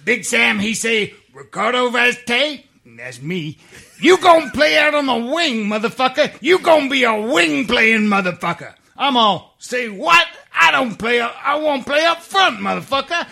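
A man doing a brash, cocky footballer voice, shouting profane boasts in a high, loud voice. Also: lively intonation, moderate pace, vocal fry, full character voice. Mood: swaggering. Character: brash swaggering footballer reading his own email, man.

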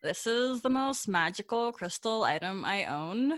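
A woman playing a character in a tabletop game, teasing in a playful, deadpan way. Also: medium pitch, measured pace. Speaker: player.

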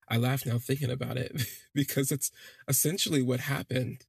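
Reflective man with a creaky husky voice. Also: mid-range voice, steady tone, moderate pace, no room sound. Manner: reflective, hesitant, frequent restarts. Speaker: storyteller. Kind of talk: first-person storytelling podcast.

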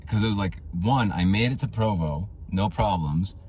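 A man with a very low voice and a gravelly vocal fry rambles through his own podcast. He drifts from story to story in an offhand, casual way, and a faint hiss of noise sits under his voice. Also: normal speed, darkish tone. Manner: rambling, tangent-prone storytelling. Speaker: podcast host.

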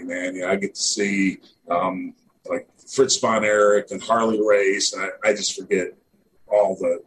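A man's voice: on the low side, a little hiss or hum, low-quality recording. A middle-aged man from Missouri, a former wrestler, telling stories casually in an interview with lots of fillers. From Northeast Missouri, USA. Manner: rambling, heavy on fillers like "you know" and "man". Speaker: guest, former pro wrestler.

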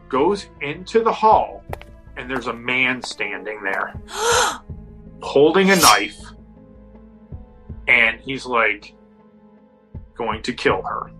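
A man's voice: mid-range voice, rough recording. A man casually telling a spooky story, acting out the people in it. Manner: animated, acts out quotes. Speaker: guest storyteller.

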